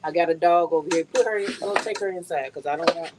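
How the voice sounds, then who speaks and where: Out in a yard, a middle-aged woman streams live from her phone, talking casually to her viewers and laughing a lot. She speaks at a quick pace in a lowish voice. Crickets and faint outdoor noise can be heard in the background.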